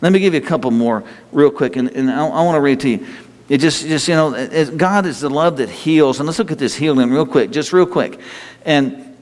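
A man preaching a sermon in an earnest, halting way, repeating himself as his pitch rises and falls. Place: church hall. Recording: long reverb of a hall.

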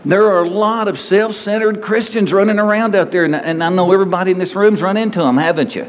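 A man's voice: high-pitched, fast, hardly any pauses. A man preaching a conversational sermon as a pastor, often acting out the voices of self-centered people. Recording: reverberant hall with faint room noise.

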